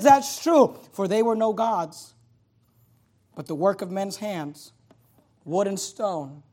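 A man preaching a sermon who swings between loud, emphatic passages and quiet asides, putting scripture into casual everyday words. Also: sits high, lively intonation, slow pace, pauses often. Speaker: pastor.

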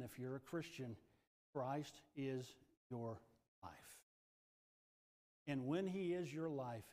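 Fervent preacher man in an echoing hall. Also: on the high side. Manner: fervent, swings between hushed and loud. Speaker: pastor. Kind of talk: sermon.

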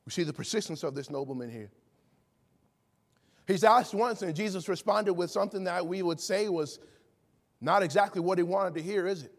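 A man's voice: sits high, normal speed, pauses often. A man preaching a sermon, emphatic and full of rhetorical questions, acting out the people he quotes. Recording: long hall reverb.

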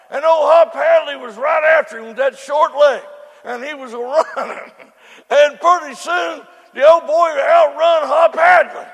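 An older preacher delivering a sermon, his voice very high and rough with gravel. He moves between hushed prayer and fervent shouting. The sound rings out with a long reverb in a large hall. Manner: prays softly, then preaches in rising shouts.

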